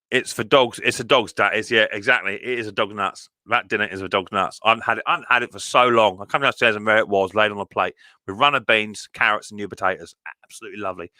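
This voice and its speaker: A man's voice: medium pitch, bright, forceful tone, dry recording. A middle-aged man hosting a live stream from home, chatting cheerfully with viewers and reading their comments aloud. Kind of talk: casual live stream chat.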